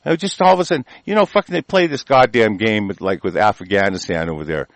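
A man's voice: lowish voice, fast, dry recording. Furious profane man ranting. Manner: profane, shouting in bursts, trailing off into mutters. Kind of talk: angry monologue rant.

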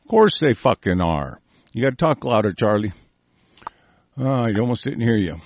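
An American man hosting a show delivers profane ranting commentary on the news in a lowish, very animated voice at a moderate pace. He swears angrily, shouts insults, and stumbles while reading headlines aloud.

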